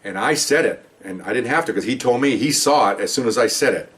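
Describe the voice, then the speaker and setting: An older man, a retired police officer, tells stories in a casual monologue, constantly checking in with "okay?" and acting out the dialogue he quotes. His mid-range voice is expressive and fairly bright, and he talks fast. The recording was made from a distance.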